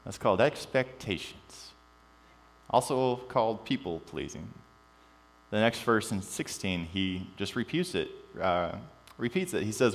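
A man preaching a sermon, animated and joking at times, then dropping to quiet emphasis. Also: fairly low pitch, measured pace. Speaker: pastor. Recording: long reverb with mains hum.

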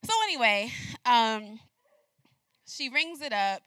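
A young adult woman giving a message, telling a personal story in an animated way and acting out the dialogue. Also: on the high side, slow, dry recording. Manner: animated, acts out dialogue with laughs. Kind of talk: storytelling sermon.

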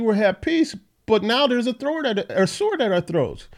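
A man's voice: high-pitched, big pitch swings, normal speed, hardly any pauses. A man hosting a Bible study podcast who reads verses aloud and then explains them in a plain, conversational way. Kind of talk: reading scripture and explaining it.

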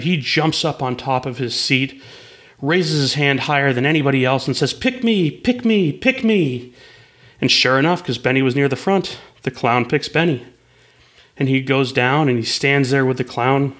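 A man's voice: medium pitch, a bit bright. Man, storyteller, rambling, asides and restarts, mid-range voice. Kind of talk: spoken storytelling.

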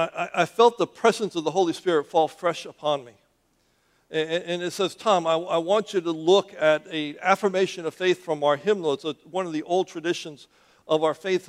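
Emphatic male pastor preaching. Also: a little high. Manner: emphatic, calls for congregation response, repeats words. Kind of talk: sermon. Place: church sanctuary.

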